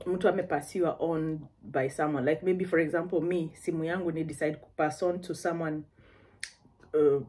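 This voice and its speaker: Kenyan woman vlogger, casual and chatty storyteller, warm husky tone. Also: lowish voice. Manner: chatty, with frequent asides.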